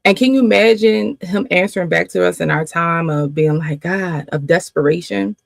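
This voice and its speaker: A woman's voice: on the low side, normal speed, creaky, no echo. A woman faith coach giving a spirited teaching, repeating phrases for emphasis and laughing often.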